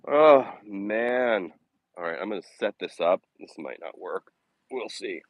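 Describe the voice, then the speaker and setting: Unhurried and lively in intonation, a fairly low-pitched male vlogger live-streams as he walks his dogs along an outdoor city path. His casual, blunt talk is laced with sarcasm and frequent cursing. There's no room sound.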